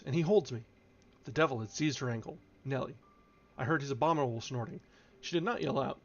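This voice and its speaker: A man reading a classic novel aloud for a livestream, expressive and steady, with the odd slip and restart. His voice sits slightly high. The recording is dull and lo-fi, with faint music playing underneath. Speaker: audiobook reader.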